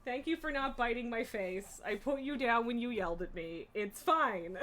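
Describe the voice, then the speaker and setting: A woman's voice: a little high, lively intonation, normal speed, a bit bright. A young adult woman streaming from home, chatting casually, laughing often and teasing her cat. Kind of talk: casual live-stream chat. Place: indoors at home.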